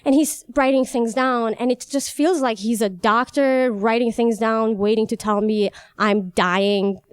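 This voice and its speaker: A young woman from Iran, telling a personal story on stage in an animated, wry way. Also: on the high side, unhurried, clean tone, no room sound. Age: young adult. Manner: animated, wry, laughs between lines.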